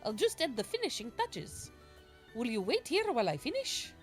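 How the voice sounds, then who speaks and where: Woman reading as a gentle machine-people artist. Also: high voice, wildly swooping pitch, normal speed, faint music behind, pitched above the performer's own voice. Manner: reading game dialogue aloud in a put-on accent.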